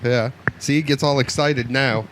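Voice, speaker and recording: A man's voice: medium pitch, steady tone, normal speed, a bit bright, slight background noise. A man co-hosting a podcast who cracks jokes and keeps calling the others bro and dude in casual banter. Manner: jokey, calls everyone bro and dude. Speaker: podcast co-host.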